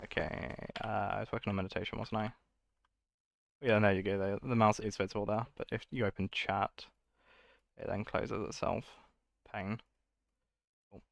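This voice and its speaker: A man's voice: lowish voice, flat delivery, moderate pace, vocal fry, pauses often, no room sound. A man streaming himself coding, thinking aloud in a casual, muttering way and correcting himself as he goes.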